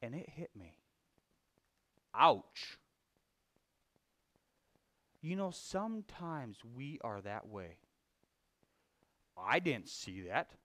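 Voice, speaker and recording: A man preaching a conversational sermon, telling a folksy story with frequent restarts and swinging between loud emphasis and quiet confession. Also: mid-range voice, very animated, drawn-out words, pauses often. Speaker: lay preacher.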